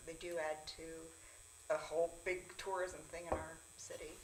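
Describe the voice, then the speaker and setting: A woman's voice: deep voice, level tone, moderate pace, a little hiss or hum. A woman on a city council speaking earnestly and laughing often. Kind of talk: council work session discussion. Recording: echoey meeting room.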